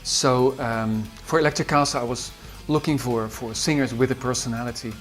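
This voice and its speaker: Man, Dutch accent, composer interview, hesitant with fillers and restarts, middle pitch, faint guitar music behind. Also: steady tone, normal speed. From Netherlands. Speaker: composer recalling his album's singers. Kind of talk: interview reminiscence.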